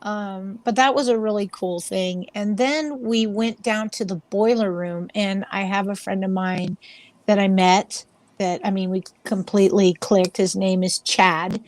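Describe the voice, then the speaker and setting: A woman's voice: mid-range voice, fairly even intonation, unhurried, darkish tone. A woman being interviewed as a paranormal investigator, telling rambling, chatty stories and acting out the voices of the people in them. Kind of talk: casual interview storytelling.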